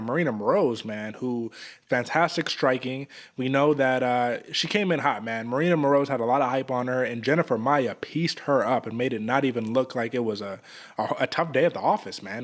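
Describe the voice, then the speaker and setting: A man co-hosting a sports podcast, breaking down an upcoming fight in an animated, casual way, dropping "man" a lot. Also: mid-range voice. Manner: animated, says "man" often. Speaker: podcast co-host.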